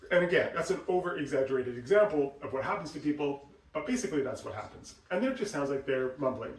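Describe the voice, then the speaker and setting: A man teaching voice exercises, explaining and acting out examples in an animated way. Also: mid-range voice, quick pace. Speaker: voice coach. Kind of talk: instructional talk with demonstrations. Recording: roomy sound, mic at a distance.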